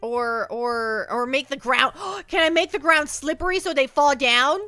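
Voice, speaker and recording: A woman's voice: high voice, a little slow, pushed and bright, dry recording, faint music behind. A woman livestreamer chatting casually with her viewers, playful and mock-hurt, often repeating words as she thinks aloud. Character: speaks as a sensitive penguin streamer persona.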